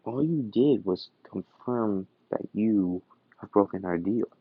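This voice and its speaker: A man voicing a menacing male arms dealer who runs a feared crime ring, speaking calm and slow with quiet threats. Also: on the low side, breathy edge, no echo, heavily acted. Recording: dull, dry recording.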